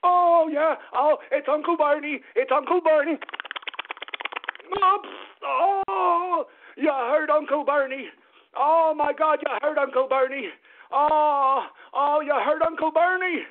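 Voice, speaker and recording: A man's voice: very high voice, slow pace, a little hiss or hum, pitched above the performer's own voice. A man voicing a gloating, leering old male politician who taunts his followers. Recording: tinny phone-like radio audio.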